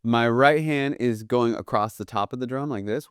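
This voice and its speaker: A young man teaching jazz drumming in a relaxed, conversational way, often checking in with "right?" and counting beats aloud as he demonstrates. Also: mid-range voice, normal speed, clean tone, dry recording. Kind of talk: instructional video lesson.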